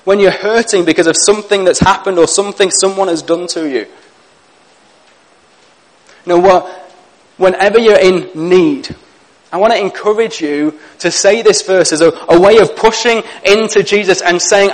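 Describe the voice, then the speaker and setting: A pastor delivers an earnest sermon in a high, gentle voice. He speaks warmly to his listeners and slows down to let scripture land, his voice softening as he reads. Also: low-quality recording.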